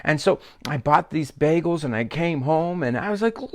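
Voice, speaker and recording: A middle-aged man, a pastor telling a personal story in a sermon, animated and self-mocking, with many fillers and restarts. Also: on the high side, brisk, hardly any pauses. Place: church sanctuary.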